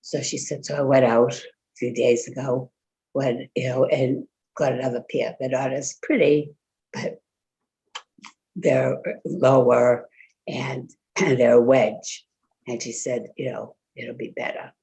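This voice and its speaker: A woman's voice: very deep voice, fairly even intonation, a little slow, gravelly, mellow. An older woman chatting casually with fellow congregants, telling a rambling story full of fillers and quoted speech. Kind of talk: casual chat.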